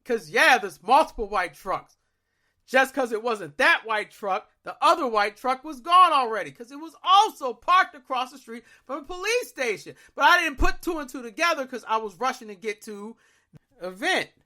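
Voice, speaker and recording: Bright, animated podcast storyteller. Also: high-pitched, normal speed. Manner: animated, profane, self-mocking. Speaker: podcast host.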